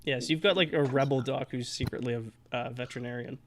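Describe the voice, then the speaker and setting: A man's voice: medium pitch, steady tone, fast talker, crowd noise. A man running a tabletop role-playing game as game master, easygoing and affirming, with many fillers. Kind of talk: casual tabletop game play.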